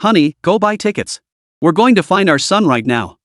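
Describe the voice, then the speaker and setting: A man voicing a furious, violent mother who rants and yells threats at her son in an audiobook-style story. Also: high voice, sing-song, moderate pace, dry recording, studio quality, pitched above the performer's own voice. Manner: ranting, yelling threats.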